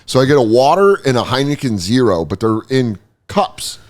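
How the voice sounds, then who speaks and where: A middle-aged man hosting a podcast, telling a story casually, swearing freely and acting out other people in high silly voices. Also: very animated, moderate pace. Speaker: podcast host.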